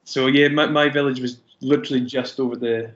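A man from the Scottish Highlands with a Scottish accent, chatting easily as an interview guest. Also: steady tone, fairly quick. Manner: easygoing, laughs often. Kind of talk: casual interview chat. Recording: dull, lo-fi sound.

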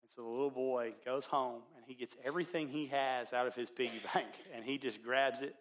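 A man preaching as a pastor, telling a story in his sermon and swinging between loud, excited passages and hushed ones. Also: medium pitch, brisk, slight background noise.

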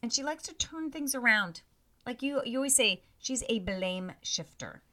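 A woman rants in a casual podcast chat, her bright voice swooping up and down as she mocks people in exaggerated voices. She swears freely and talks over a video call. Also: fairly high pitch, moderate pace. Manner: animated, profane, mocking mimicry of cast members. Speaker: podcast co-host. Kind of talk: casual chat about reality TV.

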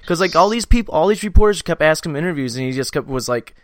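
A man's voice: a little high, lively intonation, fast, no echo, clean studio sound. Laid-back man, casual profane hockey talk. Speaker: podcast co-host. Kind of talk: casual sports chat.

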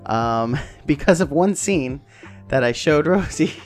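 A man's voice: a little high, animated, takes it slowly, faint music behind. A man hosting a podcast in loose, rambling casual chat, swearing freely and laughing often. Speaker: podcast host.

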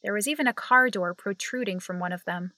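A woman's voice: mid-range voice, a little fast, sharp tone, no echo. A young woman narrating and playing the lead in an audio drama, hesitant and nervous. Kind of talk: audio drama acting and first-person narration.

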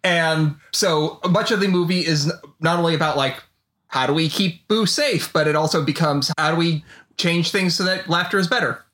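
A man's voice: fairly high pitch, moderate pace, fairly bright tone. A man co-hosting a podcast in casual chat, talking loosely and laughing often. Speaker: podcast co-host.

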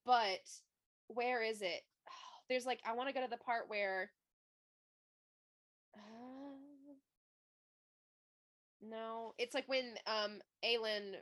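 Bright-voiced, gushing woman host. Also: on the high side, slow, long pauses. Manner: gushing and animated, with many fillers, often reading passages aloud. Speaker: podcast co-host. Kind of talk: casual book discussion.

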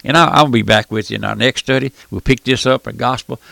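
An older man preaching a fervent radio sermon in a folksy, impassioned way, swinging from loud outbursts to hushed appeals. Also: medium pitch, quick pace, vocal fry, no echo. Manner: impassioned, folksy, calls out "my friend", surges loud then drops soft.

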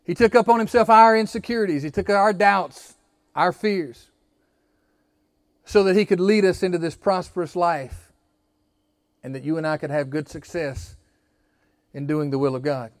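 A man's voice: sits high, moderate pace, pauses often, no room sound, studio quality. A man preaching a sermon as pastor, building emphasis and leading the congregation in call-and-response.

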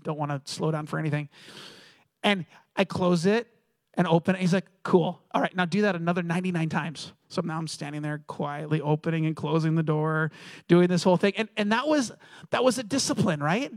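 A man delivers a sermon in a storytelling manner, slipping into quoted voices as he recounts family anecdotes. His voice sits high for a man. The sound is dry and close, with little room echo. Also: fairly bright tone. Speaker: pastor.

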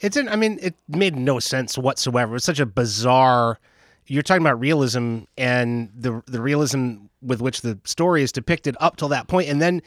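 A man's voice: mid-range voice, normal speed, no room sound, clean studio sound. Rambling man podcast host. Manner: rambling, hesitant restarts. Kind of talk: casual chat.

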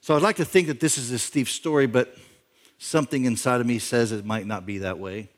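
Man preaching in a storytelling way. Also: a little fast. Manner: conversational storytelling, imagining a backstory aloud; rises in pitch and volume for emphasis. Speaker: pastor. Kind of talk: sermon.

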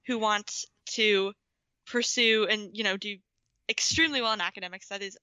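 A woman co-hosting a radio talk show, recounting her past earnestly and pausing to search for words. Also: mid-range voice, fairly even intonation, sharp tone, clear, resonant tone, no room sound. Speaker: co-host. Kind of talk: casual radio interview.

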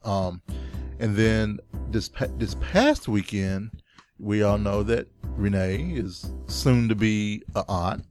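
Casting note: low-pitched man, chatty podcast co-host, lots of ums and restarts, faint music under him. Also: takes it slowly, a little mellow. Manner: rambling with many fillers and restarts. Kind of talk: casual chat.

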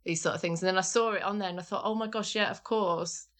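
A woman co-hosting a casual podcast, relaxed and agreeable, giving short replies and reflective asides. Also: medium pitch, quick pace. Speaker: podcast co-host.

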